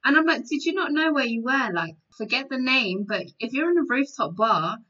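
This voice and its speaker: A woman's voice: high voice, lively intonation, fairly quick, pushed and bright, muffled recording. A woman hosting a casual chat, giggling as she tells stories and acts out what people said.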